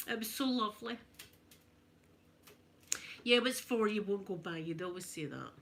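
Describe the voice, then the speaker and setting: A Scottish woman chatting casually to her live viewers while ironing, in a soft, emotional, friendly way. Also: medium pitch, animated, normal speed, gravelly, a little hiss or hum. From Scotland. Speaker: ASMR streamer.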